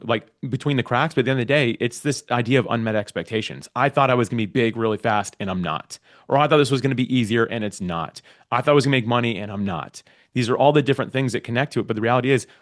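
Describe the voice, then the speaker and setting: A man talking as a guest on a podcast, his words tumbling out at a quick clip. He is emphatic and animated, pressing his points in relaxed conversation. He records from his own home podcast studio. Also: medium pitch. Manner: emphatic, animated advice-giving. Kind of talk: casual interview chat.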